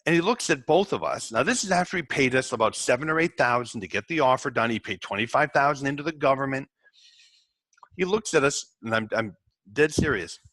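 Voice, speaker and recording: A male podcast host telling work stories in a casual, candid way, with the odd curse and quick acted-out exchanges. His voice sits at a middle pitch. The sound is dry and close, with no room echo. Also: animated, fairly bright tone. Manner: candid, swears, acts out clients in quick asides. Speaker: tax resolution podcast host. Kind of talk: casual storytelling to fellow practitioners.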